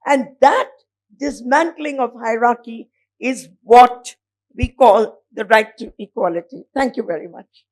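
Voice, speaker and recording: A woman from India, giving a formal, emphatic public speech at a legal event and pausing to stress key words. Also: a little high. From India, born in Bombay. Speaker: speaker at a legal lecture event.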